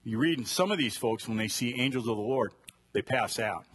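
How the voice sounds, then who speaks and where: A man's voice: medium pitch, brisk, fairly bright tone, husky. A man teaching a conversational Bible study sermon and asking his listeners direct questions. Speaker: preacher.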